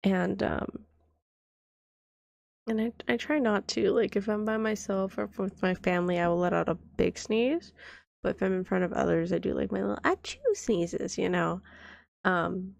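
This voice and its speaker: A woman streamer with a cold, coughing now and then, softly rambling as a caring girlfriend in a whispered role-play. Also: medium pitch, steady tone, moderate pace, vocal fry, no echo. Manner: soft-spoken, rambling, trailing off. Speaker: vtuber streamer.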